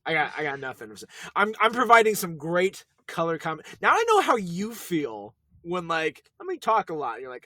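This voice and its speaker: A man's voice: a little high, very animated, normal speed, hardly any pauses, sharp tone, dry recording. A man co-hosting a podcast in casual chat, tossing in joking, self-mocking banter. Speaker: podcast co-host.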